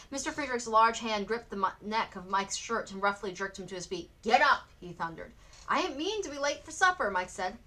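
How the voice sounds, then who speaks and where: A woman teacher reading a novel aloud for students in an expressive storybook narration. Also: mid-range voice. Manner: expressive, acts out the characters.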